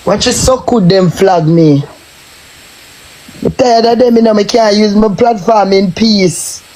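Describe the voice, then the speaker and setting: A man's voice: sits high, unhurried, darkish tone, poor audio. A man with a Jamaican accent, ranting and taunting in a cursing live stream tirade.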